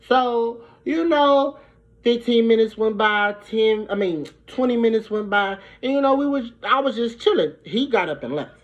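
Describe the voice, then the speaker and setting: A young woman from Brooklyn, telling a profane, animated storytime. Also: a little high, normal speed. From Brooklyn, New York. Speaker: vlogger. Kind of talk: storytime vlog. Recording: dull lo-fi recording.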